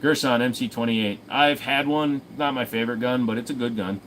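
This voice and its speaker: A man's voice: medium pitch, brisk, fairly bright tone, a little hiss or hum, poor audio. A man hosting a casual livestream Q&A, reading out viewer comments and answering them in an offhand, profane way. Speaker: host.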